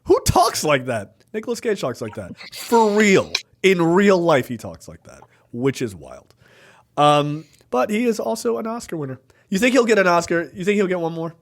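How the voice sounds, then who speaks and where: A man co-hosting a podcast, chatting casually about movies, animated, laughing and swearing. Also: high voice, normal speed. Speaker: podcast co-host.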